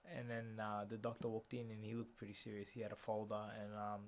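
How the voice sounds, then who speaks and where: Gravelly young man, quiet and reflective. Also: on the low side, completely flat delivery, fairly quick, a little hiss or hum. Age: young adult. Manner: quiet, reflective, often drops softer. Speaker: guest. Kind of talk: personal storytelling in a conversation.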